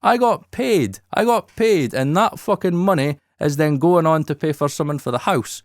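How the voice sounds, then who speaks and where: A man, hosting a podcast in casual talk, candid and animated with plenty of swearing, in his studio. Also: a little high, moderate pace, no room sound. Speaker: podcast host.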